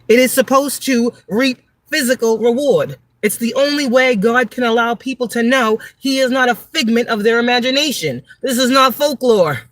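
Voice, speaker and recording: A woman's voice: a little high, dry recording. A woman giving a tarot reading in a livestream monologue, blunt, profane and preachy, repeating words for emphasis. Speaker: tarot reader and spiritual advisor.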